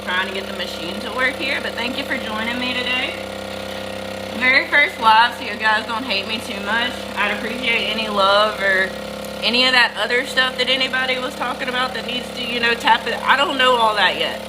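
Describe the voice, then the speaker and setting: Tired from missing sleep, a Southern woman hosts a casual livestream from her goat barn, welcoming viewers by name as she keeps working. She talks fairly quickly in a high-leaning voice, with background noise present.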